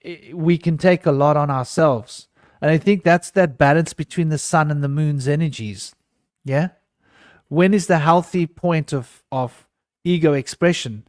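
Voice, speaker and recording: A man sharing his thoughts in a casual round table, his voice sitting somewhat high. He rambles, circles back and restarts his sentences as he goes. The sound is dry and close, with no room around it. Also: unhurried, no room sound. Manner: rambling and emotional, many restarts. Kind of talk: casual group discussion.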